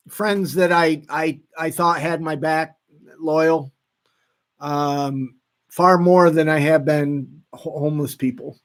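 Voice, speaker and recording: A man hosting a live stream, reading out viewer comments in a casual, halting way with frequent restarts. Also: high voice. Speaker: livestream host reading chat.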